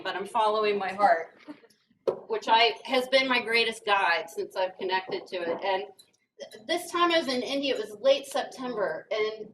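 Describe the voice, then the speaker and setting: A woman's voice: fairly high pitch, fairly bright tone. A woman from rural Kentucky giving a humorous talk to an audience, telling stories in a self-deprecating way. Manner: joking, self-deprecating storytelling. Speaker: guest speaker. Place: brewery event room, indoors. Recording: distant mic with faint noise.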